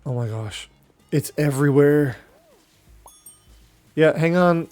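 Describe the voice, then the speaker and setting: A young man, streaming a game live and chatting with his viewers as he plays. He talks at an unhurried pace, and faint game music plays behind him. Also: a little high, a little mellow. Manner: chatty, reacting and talking to chat while playing. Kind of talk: casual live game commentary.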